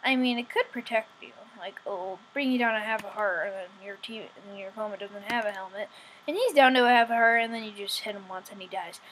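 A young woman giving rambling, excitable let's-play commentary, often whining, recorded on a poor home setup. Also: mid-range voice, brisk, a little hiss or hum. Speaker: gamer.

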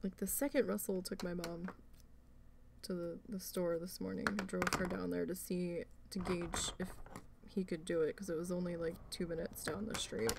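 A woman's voice: fairly low pitch, level tone, normal speed, creaky, background noise. A woman vlogger chatting casually while she needle felts, rambling and venting with free swearing. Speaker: crafting vlogger.

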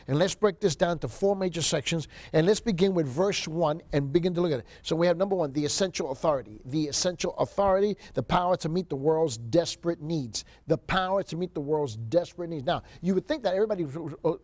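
A male Bible teacher lectures a class in a fairly high voice, reading verses aloud and pressing his points home. He repeats key phrases and keeps asking the room whether they see it. The sound is dry and close, with no room echo. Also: darkish tone. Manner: emphatic, asks the class rhetorical questions, repeats key phrases. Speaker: seminary lecturer.

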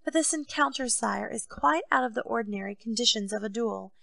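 A loyal captain of musketeers pleads his men's case with measured deference, as a woman reading a storybook puts him on. Her voice has a gravelly texture and sits a little high. The recording is dry and close. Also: fairly bright tone, no echo. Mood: earnest.

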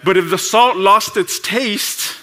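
An animated male pastor preaching in a casual, chatty way, slipping into quick voices for people at work. His voice sits a little high and rings bright and forceful. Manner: animated and conversational, laughs often; acts out coworkers' voices in quick asides. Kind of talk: sermon.

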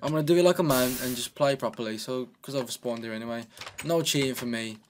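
A man narrating his gameplay in a loose, joking way, often coaxing himself along as he plays. His voice sits at an ordinary middle pitch and comes through a desk microphone, with faint keyboard clicking behind him. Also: fast, a little hiss or hum. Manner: chatty and joking, talks to himself. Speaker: gaming channel host. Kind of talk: casual gameplay commentary.

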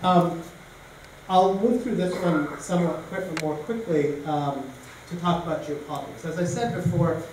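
A man's voice: fairly high pitch, normal speed, darkish tone. Man lecturing in an echoey room. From Canada. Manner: informal, anecdotal storytelling. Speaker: guest lecturer. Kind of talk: public lecture. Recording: echoey room from a distance, faint noise.

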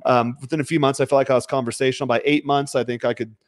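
A man in easy livestream conversation, blunt and emphatic, who lets a swear word slip now and then. His voice sits at an ordinary middle pitch. The sound is dry and close, with no room echo. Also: fairly even intonation, rapid-fire. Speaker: podcast host. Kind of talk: casual livestream chat. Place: home.

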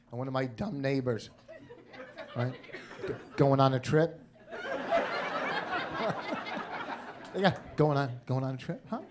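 Brash Jersey comic with a cranky edge. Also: male voice, mid-range voice, background noise. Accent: New Jersey. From New Jersey. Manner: brash, cranky, profane storytelling. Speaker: stand-up comedian. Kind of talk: stand-up comedy set. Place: comedy stage before a live audience.

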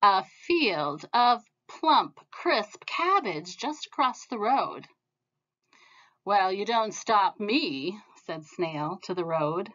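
A woman reading a children's picture book aloud in a gentle, expressive manner. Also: mid-range voice, highs cut off. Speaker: storybook reader. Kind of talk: storybook read-aloud.

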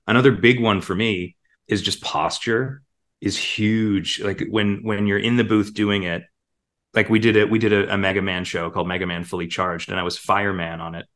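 A man, a voice actor, chatting casually in an interview and now and then slipping into quick character voices. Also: on the low side. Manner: relaxed, demonstrates character voices in passing. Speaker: voice actor guest.

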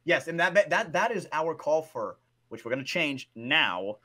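A man with a slightly higher-than-average voice, co-hosting a podcast and recounting a game in a rush of swearing and tag questions. His talk is animated and casual, and he keeps checking in with "right?" as he goes. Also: unhurried. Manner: animated, profane, fills with "right?" and "bro". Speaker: podcast co-host. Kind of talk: casual storytelling chat.

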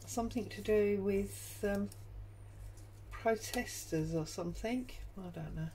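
A junk journal crafter hosts a tutorial in her home craft room, talking and musing aloud while she works. She speaks slowly in a medium-pitched, dark-toned voice, over slight background noise on a rough recording.

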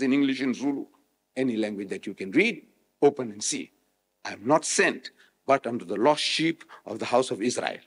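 A man from South Africa giving a public religious lecture, switching between loud rhetorical questions and quiet explanation. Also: mid-range voice, husky. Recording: echoey hall, old remastered recording.

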